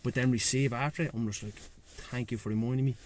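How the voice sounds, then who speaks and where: Outdoors by the sea, with slight background noise, a Dublin-accented guest who runs breathwork and sea swims talks at a quick pace. His voice is mid-range, steady, and a little mellow, and he's frank, slangy, and swears freely in the casual chat.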